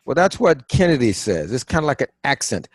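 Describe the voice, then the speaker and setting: A man's voice: mid-range voice, very animated, brisk, slightly rough, no room sound. Man teaching over a dry call. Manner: quizzing, coaxing, conversational. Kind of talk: interactive online class.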